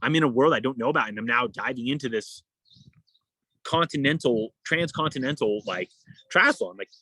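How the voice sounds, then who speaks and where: A man's voice: animated, normal speed, pushed and bright, breathy edge, dry recording, rough recording. Rambling man telling a story, dry sound. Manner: rambling, many fillers, acts out quotes in a higher voice. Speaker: endurance athlete guest. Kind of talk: casual interview storytelling.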